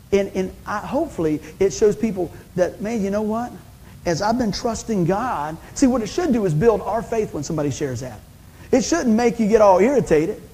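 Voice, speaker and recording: Male pastor, high mellow voice, folksy storyteller, slight background hiss. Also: long reverb tail, low-quality recording. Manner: folksy, storytelling, acts out conversations with big pitch swings. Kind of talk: sermon.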